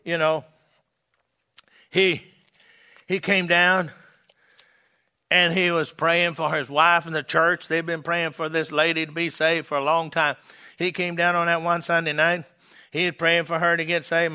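A man preaching an evangelistic sermon, fiery and folksy, shouting at the peaks and dropping low and quiet to tell stories. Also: clean tone. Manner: folksy, humorous.

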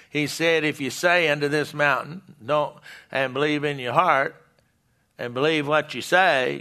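Slow, bright-voiced male preacher. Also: on the high side, smooth. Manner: slow, halting, with many restarts and fillers. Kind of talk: Bible teaching sermon.

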